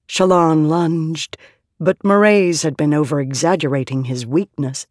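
Audiobook reader, slow and steady, dry close sound. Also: mid-range voice, no echo. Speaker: audiobook narrator. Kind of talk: scripted narration.

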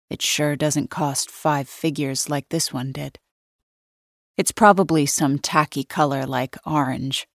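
Low-voiced woman narrating a thriller. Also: no echo, clean studio sound. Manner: wry, measured inner monologue. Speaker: audiobook narrator. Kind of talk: scripted first-person thriller narration.

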